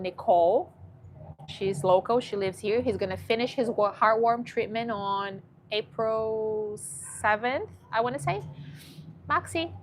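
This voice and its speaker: A woman's voice: medium pitch, slight background noise. A woman chatting casually on a livestream from a dog shelter, emotional and cooing at a shy dog.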